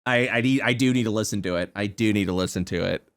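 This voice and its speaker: A man's voice: fairly low pitch, quick pace. A young man and podcast co-host in casual chat, swearing a lot and restarting his sentences. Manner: animated, swearing, trails off and restarts. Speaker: podcast co-host and game master.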